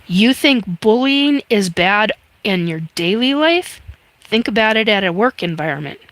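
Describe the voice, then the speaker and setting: A woman's voice: medium pitch, expressive, measured pace, a bit bright, no echo. A woman in her fifties hosting a casual livestream, chatty and reading viewer comments aloud with many fillers. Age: 50s. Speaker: livestream host reading chat. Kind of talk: casual live chat.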